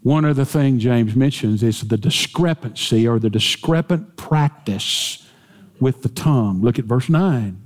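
A man preaching a sermon with emphatic delivery, climbing in pitch and force as he quotes scripture. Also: measured pace, darkish tone. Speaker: pastor. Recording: hall reverb.

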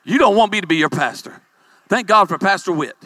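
A man, a pastor, preaching a humorous sermon with animated storytelling and calls for amens. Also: sits high, a little fast, no room sound.

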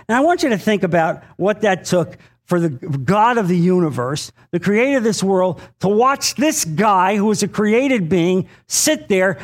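With a high, expressive voice, a male pastor preaches earnestly to his congregation. He speaks straight to them, says key phrases more than once for emphasis, and uses "uh" to fill gaps.

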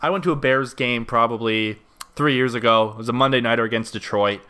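A man's voice: medium pitch, brisk, bright, forceful tone, smooth. A young man from Canada, co-hosting a casual podcast chat, telling stories in a laid-back, rambling way.

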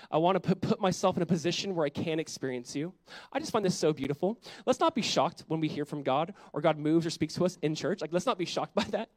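A male pastor preaching a sermon in an animated way, asking the congregation questions and dropping to a soft voice on quiet points. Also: sits high, no room sound. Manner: drops to a soft, quiet voice on reflective lines.

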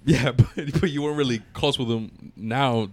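A man's voice: medium pitch, steady tone, normal speed, dry recording. Young male co-host, loose and profane, restarts a lot, casual podcast storytelling. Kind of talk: casual chat.

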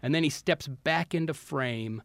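A man's voice: on the high side, unhurried, creaky, dry recording, studio quality. A man co-hosting a comedy podcast, telling a long backstage story and acting out the quotes. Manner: animated storyteller, acts out quotes. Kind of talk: casual storytelling chat.

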